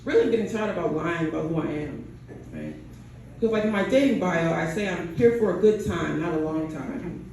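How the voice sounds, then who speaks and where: A woman performing a stand-up comedy set on a bar stage, with a deadpan delivery that keeps tagging jokes with "right?". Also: fairly low pitch, brisk, gravelly, a little hiss or hum. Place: bar stage in front of a crowd. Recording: echoey room, mic heard from a distance.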